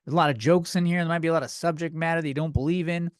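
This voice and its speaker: A man's voice: a little high, fairly even intonation, very fast, clean tone, dry recording, studio quality. A young man hosting a comedy podcast, ranting in a rambling, profane, self-deprecating way at a desk microphone. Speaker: podcast host.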